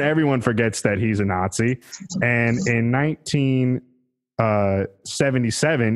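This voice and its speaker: Profane, rambling male podcast host. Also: medium pitch. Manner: profane, rambling, laughs at own jokes. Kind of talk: casual comedic history chat.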